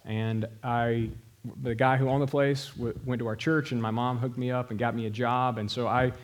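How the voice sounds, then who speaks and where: A man's voice: mid-range voice, level tone, moderate pace. A middle-aged pastor preaching a sermon, telling a story with emphasis and speaking directly to his congregation. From American South.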